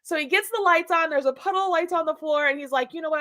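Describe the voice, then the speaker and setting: High, bright-voiced woman host telling stories. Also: fast talker. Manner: animated storytelling, laughs often. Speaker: show host. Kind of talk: casual chat. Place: home.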